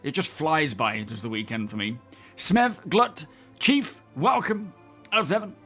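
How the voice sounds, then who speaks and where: A man's voice: on the high side, animated, measured pace, sharp tone, soft background music. A young man streaming a game, chatting casually and greeting his viewers by name. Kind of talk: casual live-stream chat.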